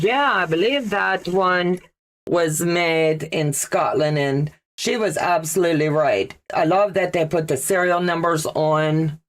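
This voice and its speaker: Lady hosting a sewing livestream, low voice, talks real slow, reads out viewer comments. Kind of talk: casual livestream chat.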